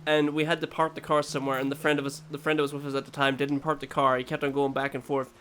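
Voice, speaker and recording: A man's voice: mid-range voice, little pitch movement, quick pace, a bit bright, a little hiss or hum. A man co-hosting a casual podcast, telling gaming stories in a rambling way and laughing often. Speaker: podcast co-host. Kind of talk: casual storytelling chat.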